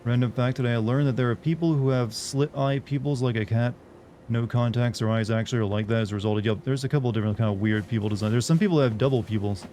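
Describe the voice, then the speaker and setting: A man's voice: medium pitch, steady tone, fast, warm tone, a little hiss or hum. A man giving casual, rambling live commentary while streaming a video game. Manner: rambling and chatty, full of "like".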